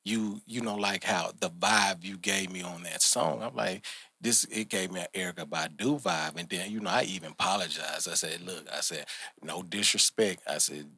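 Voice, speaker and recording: A man's voice: low-pitched, moderate pace, pushed and bright, breathy edge, no echo. A man hosting a podcast, speaking in a laid-back way and retelling what he said. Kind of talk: casual chat.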